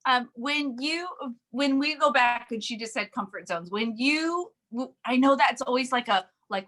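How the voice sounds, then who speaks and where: A woman leading a sales team, giving an energetic, emphatic motivational talk with frequent laughs. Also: sits high, normal speed. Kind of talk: casual motivational chat.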